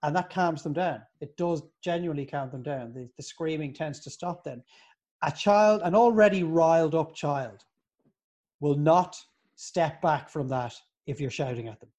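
A man's voice: a little high, a little mellow. A man co-hosting a casual podcast, earnestly explaining his views. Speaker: podcast co-host. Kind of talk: casual chat.

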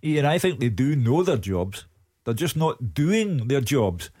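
A man's voice: mid-range voice, big pitch swings, a little slow, a little mellow, breathy edge, no room sound. A man giving blunt, emphatic opinions as a football pundit in a radio studio.

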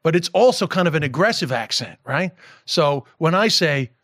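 A comedian from Queens with a strong New York accent, talking casually on a podcast, animated and swearing freely. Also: fairly high pitch, normal speed, no room sound, studio quality. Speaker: comedian guest.

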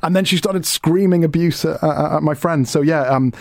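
A man's voice: on the high side, moderate pace, creaky, no room sound. An Irish man reporting for radio, asking passers-by questions in a chatty, playful way.

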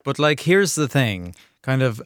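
A man's voice: medium pitch, sing-song, unhurried, clean tone, dry recording. An Irish man, a guest commentator in casual radio chat, rambling and chatty. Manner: chatty, rambling, keeps tagging "right?".

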